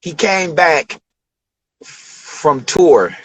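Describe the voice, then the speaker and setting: A man in his forties from Detroit, a rapper telling studio stories in a loose, profane, animated way during an interview. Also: a little high, very slow, husky, dry recording, rough recording. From Detroit, USA. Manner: profane, animated storytelling with acted quotes. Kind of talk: casual storytelling interview.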